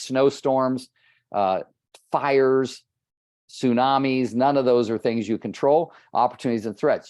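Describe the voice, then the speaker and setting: A man's voice: medium pitch, a little mellow, no room sound. A conversational male coach who talks straight to his listeners, calling on them by name. His voice sits in a middle register. It is captured close with no room sound. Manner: conversational, plain-spoken, addresses listeners by name. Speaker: real estate coach. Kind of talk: live coaching call.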